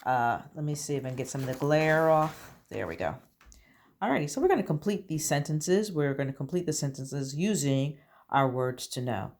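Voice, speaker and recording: A woman teaching a recorded early-grade reading lesson, slow and deliberate, encouraging the children. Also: low voice, animated, darkish tone, slight background noise.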